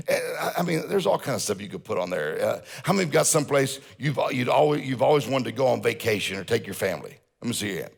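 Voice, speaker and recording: A man's voice: mid-range voice, very animated, quick pace, vocal fry, hardly any pauses, breathy edge. A man giving a humorous motivational seminar talk, telling stories and joking with a church audience. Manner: storytelling, jokes with audience. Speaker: motivational speaker.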